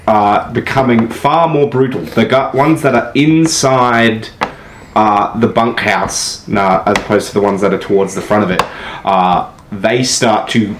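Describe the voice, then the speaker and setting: Male game master, low voice, halting narration; roomy, noisy recording. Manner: halting, many filler uhs. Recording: echoey room with noise.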